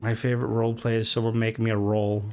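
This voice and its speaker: This fast-talking Irish streamer, a young man, delivers his casual chat flatly and with a slightly mellow tone. He reads viewer comments aloud, jokes, swears, and his voice leaps upward when he gets worked up during the game.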